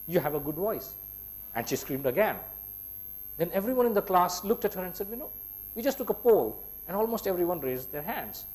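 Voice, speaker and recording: A man's voice: sits high, very animated, brisk, darkish tone, low-quality recording. A middle-aged man with an Indian English accent, a workshop trainer animatedly retelling a classroom story and voicing the people in it. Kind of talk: storytelling to an audience.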